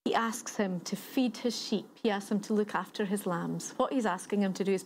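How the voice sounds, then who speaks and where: A woman's voice: mid-range voice, a little fast, a little hiss or hum. A woman giving a sermon, retelling a story in a conversational way and building points through repetition. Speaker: preacher.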